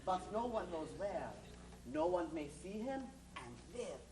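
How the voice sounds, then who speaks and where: A hammy mock-French informant, played by a woman on stage, sliding between a put-on French accent and a put-on German one with a lively, swooping voice. The sound is roomy and comes from far off the mic, with steady noise underneath. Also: on the low side, unhurried. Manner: hammy, theatrical. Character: woman playing a fickle fake-French informant. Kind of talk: amateur stage comedy.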